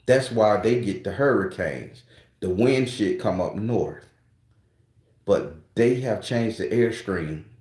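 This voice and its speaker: A man's voice: lowish voice, animated, slow pace, darkish tone, reverberant. A man hosting his own channel, talking casually and loosely to his viewers, with rambling restarts and frequent swearing. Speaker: spiritual channel host.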